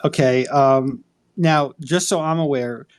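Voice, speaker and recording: Male attorney host, casual, rambling, profane, lots of fillers, mid-pitched voice. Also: slow pace, clear, resonant tone. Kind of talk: casual live chat.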